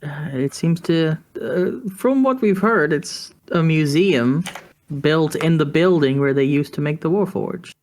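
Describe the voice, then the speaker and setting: A woman with a low voice chatting as a player at a tabletop game. She talks loosely and hesitantly and trails off mid-thought. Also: unhurried, darkish tone. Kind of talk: casual table chat.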